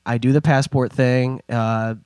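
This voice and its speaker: A man's voice: mid-range voice, measured pace, smooth, no echo, clean studio sound. A young man casually telling rambling travel stories on a podcast, acting out other people's voices as he goes. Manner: rambling, animated storytelling with put-on voices. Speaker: podcast host. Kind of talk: casual storytelling.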